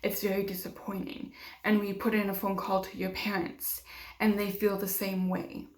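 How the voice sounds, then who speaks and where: A woman's voice: medium pitch, level tone, normal speed. A young woman telling a personal story in a vlog, emotional and acting out what others said to her. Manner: emotional, acts out quoted dialogue, many fillers. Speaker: vlogger. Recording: roomy echo.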